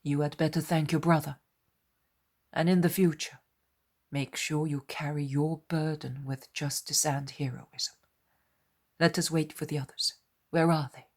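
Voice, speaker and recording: A woman voicing a gentle but firm spiritual teacher who speaks with fatherly, authoritative tenderness. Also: deep voice, steady tone, measured pace, long pauses. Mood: tender.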